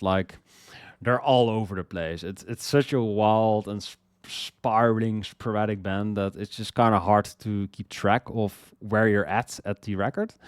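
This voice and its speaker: A man's voice: fairly low pitch, clean tone, no room sound, clean studio sound. A young man casually reviewing his favorite songs in a rambling way, full of "like" and "you know" and repeated words. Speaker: music reviewer. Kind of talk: casual spoken song review.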